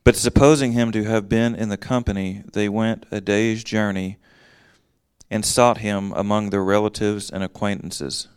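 A man with a low, resonant voice leads a casual Bible teaching. He reads a passage, then explains it in plain everyday words. The sound is dry and close, with almost no room around it. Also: level tone, normal speed, darkish tone, smooth, no room sound. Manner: conversational, reads verses then explains them in plain talk.

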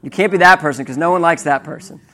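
A young man with a fairly high voice preaches quickly and conversationally, with slight background noise. He keeps checking in with "right?" and tells stories with real animation.

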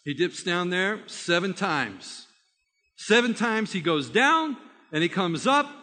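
A man preaching a sermon by retelling a story, animated and vivid, with frequent restarts. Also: high voice, slow, big-room sound.

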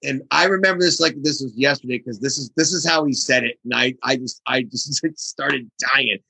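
Man, guest drummer, casual interview storytelling, animated, acts out quoted voices, bright tone, dry sound. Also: medium pitch, normal speed, gravelly, breathy edge, no echo, rough recording.

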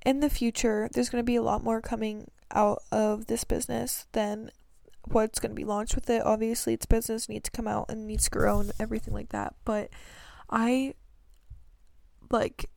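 Earnest rambling young woman, gravelly edges. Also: fairly high pitch, flat delivery, normal speed, darkish tone, no room sound. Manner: rambling, earnest, many "like" fillers and restarts. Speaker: podcast host. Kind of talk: casual faith-based podcast monologue.

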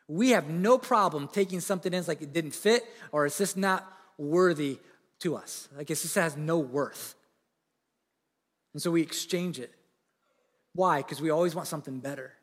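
A man with a fairly high voice preaches in an earnest, conversational way, often restarting mid-sentence. His words ring out with a long reverb in a large church hall. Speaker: pastor. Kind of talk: sermon.

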